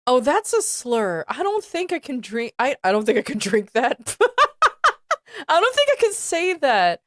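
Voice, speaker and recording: A woman's voice: high-pitched, very animated, moderate pace, no echo, studio quality. A young woman streaming, reading aloud and reacting in disbelief while often breaking into giggles. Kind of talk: casual live-stream reading commentary.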